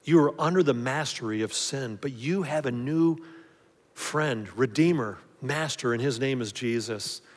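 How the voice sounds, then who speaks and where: A man preaching a sermon, building up emphasis and then dropping softly into prayer. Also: medium pitch, measured pace, big-room sound. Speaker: pastor.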